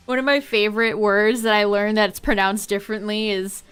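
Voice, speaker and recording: A woman's voice: mid-range voice, level tone, moderate pace, few pauses, a bit bright, clean tone, soft background music. A young woman streaming a game, chatting playfully and giggling often. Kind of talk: casual chat while streaming a game.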